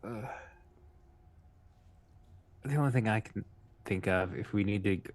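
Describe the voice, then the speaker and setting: A man's voice: fairly low pitch, unhurried, no echo. A man playing a tabletop game, rambling and correcting himself as he talks. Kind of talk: casual game table talk.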